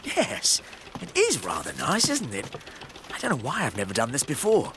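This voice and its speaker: A man's voice: a little high, huge pitch swings, moderate pace, a bit bright, slight background noise, exaggerated voice. A man voicing a meek, put-upon middle-aged fairy king who talks in a mild, flustered way. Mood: relaxed.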